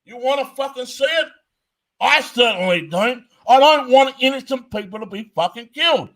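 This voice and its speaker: A man's voice: extremely high pitch, expressive, moderate pace, a bit bright. A man giving a heated, blunt commentary rant, swearing constantly and hammering his points. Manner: profane, blunt and emphatic.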